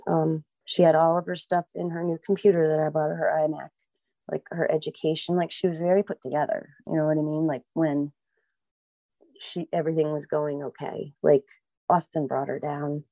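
A woman's voice: low voice, warm tone, no room sound. A middle-aged American woman with an American accent, rambling in an emotional interview as a guest, acting out quoted voices and filling with "like" and "you know.". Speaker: mother of a missing girl, guest.

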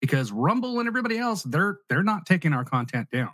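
A man's voice: fairly high pitch, sing-song, quick pace, fairly bright tone, no echo. A man co-hosting a podcast, chatting casually, laughing easily and rambling as he thinks aloud. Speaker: podcast co-host.

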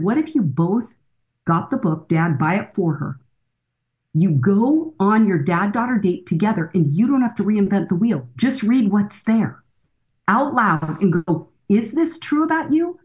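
A woman's voice: medium pitch, expressive, measured pace, a little mellow. A woman in her sixties, a counselor and author, speaking earnestly and emphatically as a guest in a podcast interview. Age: 60s.

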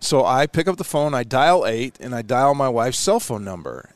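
Speaking at a moderate pace in a mid-range voice, this middle-aged man, once an astronaut, recounts a story during a relaxed chat. He's animated, laughs a lot, and performs the lines people said; the recording is dry.

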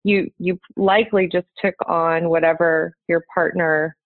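A woman's voice: lowish voice, fairly even intonation, measured pace, no echo. A woman talks through dating advice in an earnest, encouraging way, like a coach with her clients. Her voice comes through a thin, phone-like line with no room sound around it. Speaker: dating coach, podcast guest. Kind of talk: conversational interview. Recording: tinny phone-like line, dry.

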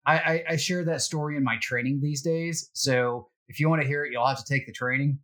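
A middle-aged man telling security anecdotes in a relaxed, self-deprecating way, with plenty of fillers. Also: on the high side, fairly quick. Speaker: security guest. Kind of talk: casual storytelling.

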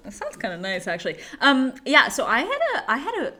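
A woman co-hosting a podcast who reacts quickly, backs her friend up and laughs often. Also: on the high side, huge pitch swings, bright, forceful tone. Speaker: podcast co-host. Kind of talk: casual chat.

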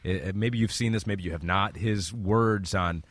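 A sports talk host leads the segment in a loose, rambling manner. His voice sits on the low side. The sound is close and dry. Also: moderate pace, no echo.

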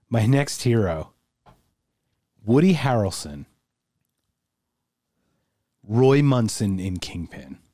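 A man's voice: fairly low pitch, very animated, very slow, long pauses, dark tone, no echo, studio quality. A man co-hosting a casual podcast, chatting in profane, laughing banter about movies. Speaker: podcast co-host. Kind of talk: casual chat.

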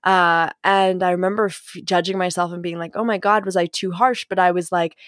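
A woman host delivers a frank personal monologue, rambling with fillers and self-corrections and swearing freely to drive her points home with animated emphasis. Her voice is on the low side and fairly quick, recorded in a clean studio with no echo.

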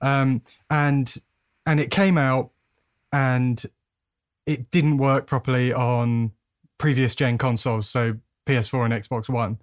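A man's voice: mid-range voice, little pitch movement, takes it slowly, no room sound, studio quality. A man in a casual podcast chat, teasing his friends and laughing at his own jokes.

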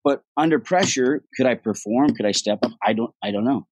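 A husky-voiced man in middle age, chatting loosely as a podcast guest. He tells his stories with energy, swears often and slips into the voices of the people he quotes. The sound is close and dry, with no room around him. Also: medium pitch, fairly quick, no echo, poor audio. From Ireland. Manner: animated storytelling, swears freely, acts out quoted voices. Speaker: actor guest. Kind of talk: casual podcast chat.

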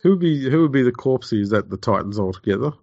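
A man with a gravelly, mid-pitched voice co-hosts a sports podcast, slipping in dry wisecracks. The recording is dry and dull, and a little muffled. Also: lively intonation, quick pace, warm tone, no room sound. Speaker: podcast co-host. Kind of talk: casual sports chat.

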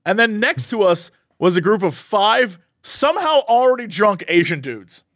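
A man's voice: sits high, normal speed. A man co-hosting a podcast, chatting casually and telling a story with lots of acted-out quotes. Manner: animated storyteller, acts out quoted voices. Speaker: podcast co-host. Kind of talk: casual chat.

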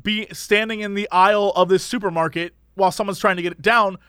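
A man's voice: high-pitched, fairly even intonation, fast, fairly bright tone, smooth, no echo, studio quality. A man co-hosting a casual chat podcast, ranting animatedly about everyday annoyances. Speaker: podcast co-host.

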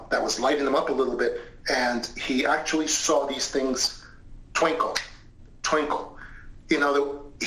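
A middle-aged man, a guest on an interview show, retelling an eerie account in an animated way and acting out what people said. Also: medium pitch. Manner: animated retelling with lively acted quotes. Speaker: guest, retired investigator. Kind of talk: storytelling in an interview. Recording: roomy echoing sound.

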